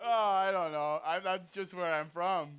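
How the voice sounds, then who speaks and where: A man's voice: high-pitched, fairly bright tone, smooth. A young man from Alberta doing loose, slangy stand-up crowd work as host of a comedy night. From Edmonton, Alberta, Canada. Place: comedy club stage with audience.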